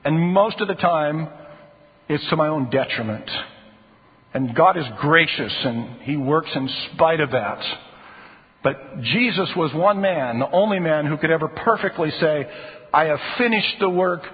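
A man's voice: fairly high pitch, lively intonation, a little slow. A man preaching a sermon as a pastor, earnest and pressing harder on key phrases. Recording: tinny phone-like sound in a reverberant hall.

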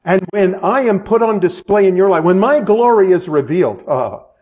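A man's voice: high-pitched, lively intonation, normal speed, darkish tone. A middle-aged man preaching a sermon as pastor, conversational, with self-deprecating asides and frequent restarts.

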